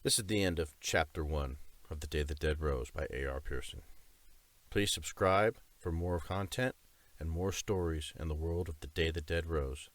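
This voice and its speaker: A man reading a first-person story aloud as an audiobook narrator, slow and measured. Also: very deep voice, dry recording.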